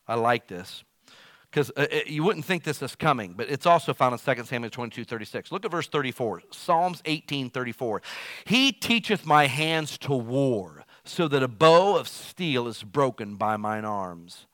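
A middle-aged man preaching in a folksy, conversational way, his voice bright and forceful. He swings from quiet asides to loud, high bursts. The sound is dry and close. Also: lively intonation, moderate pace, dry recording. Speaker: pastor. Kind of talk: sermon.

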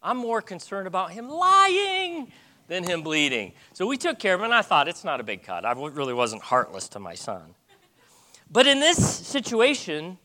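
A middle-aged man preaching a sermon in an animated way, often restarting his sentences. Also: sits high.

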